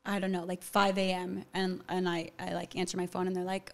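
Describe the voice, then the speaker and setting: A woman's voice: lowish voice, completely flat delivery, fairly quick, vocal fry, hardly any pauses. A young adult woman, an actor guest on a podcast, telling a story in casual chat and filling her talk with "like". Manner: chatty, fills talk with "like".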